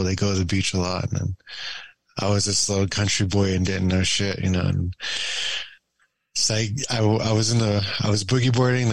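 A young man telling stories in a relaxed, rambling way as a podcast guest, full of fillers and laughs. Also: lowish voice, creaky, dry recording, rough recording. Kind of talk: casual storytelling chat.

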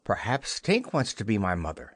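A man's voice: lowish voice, wildly swooping pitch, normal speed, no echo. A man voicing a carefree young boy in a storybook reading. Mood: boyish.

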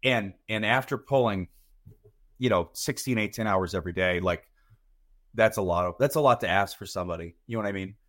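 A man's voice: on the low side, fairly quick, fairly bright tone. A man in his thirties, a podcast guest talking casually and rambling, often repeating words as he thinks. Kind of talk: casual chat.

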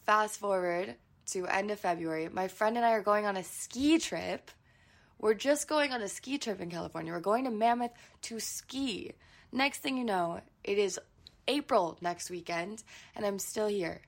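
A woman's voice: mid-range voice, moderate pace, vocal fry. A woman in her twenties with a groggy morning voice, hosting her solo podcast in a chatty, candid way with little giggles. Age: 20s. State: morning voice, not warmed up. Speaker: podcast host. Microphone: podcast microphone.

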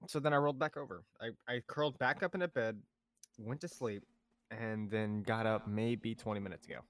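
A young man co-hosting a podcast, telling stories in a casual, animated way, swearing often and acting out what people said. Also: fairly low pitch, a little fast, dry recording, studio quality. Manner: animated storyteller, swears a lot, acts out quotes. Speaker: podcast co-host. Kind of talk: casual chat.

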